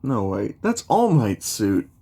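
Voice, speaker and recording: A man voicing a confident, cocky teenage boy hero in a relaxed, teasing tone. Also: lowish voice, slow, gravelly, slightly rough, heavily acted.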